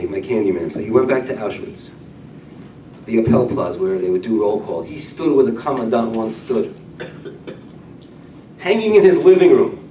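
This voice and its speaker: A man's voice: medium pitch, slight background noise. Man preaching in an echoey hall. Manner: storytelling, wide swings from loud emphasis to hushed. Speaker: rabbi. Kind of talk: sermon-style Torah class. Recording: echoey room, mic at a distance.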